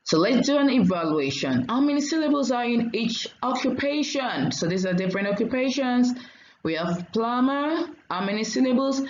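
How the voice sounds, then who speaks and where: A woman teacher giving a diction lesson, saying each word slowly and clearly and repeating it for learners. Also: a little high, lively intonation, reverberant, dull audio.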